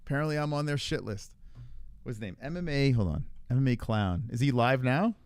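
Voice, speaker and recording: A man's voice: medium pitch, fairly quick, clear, resonant tone, no room sound. A man hosting a podcast, chatting casually and profanely while reacting to online streams, often laughing. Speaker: podcast host.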